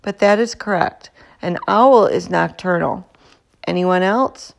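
A woman voicing a stern, soft-spoken older woman teacher who calmly corrects her class. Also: fairly low pitch, a little slow, gravelly, slight background noise. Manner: calm, strict, quietly correcting.

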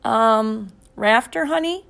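A nervous mother whose questions rise in a lilting, higher tone, voiced by a woman reading a storybook. She sounds gentle and worried. Her words float upward. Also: very animated, takes it slowly, vocal fry, full character voice. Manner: nervous lilt. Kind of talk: audiobook character voice.

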